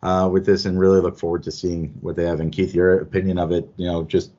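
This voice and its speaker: A man's voice: low-pitched, level tone, quick pace, dark tone. A man chatting casually as a podcast panelist, rambling and correcting himself, with frequent chuckles. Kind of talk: casual chat. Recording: dull lo-fi audio.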